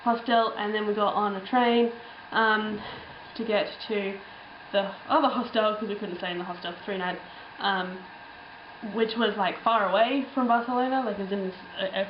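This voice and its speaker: A woman's voice: mid-range voice, steady tone, normal speed, reverberant, highs cut off, a little hiss or hum. A young woman telling a travel story in a casual, rambling way, full of ums and little laughs. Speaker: travel vlogger.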